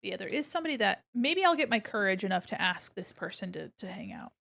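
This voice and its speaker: A young woman streamer chatting casually with her viewers while she draws, animated, laughing often and swearing freely. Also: mid-range voice, fast talker, vocal fry. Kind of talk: casual chat with a live stream chat while drawing.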